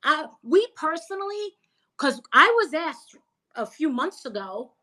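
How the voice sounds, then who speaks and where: A woman guest in a casual chat, talking in an animated, emphatic, gossipy way. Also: sits high, unhurried, rough recording. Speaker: interview guest.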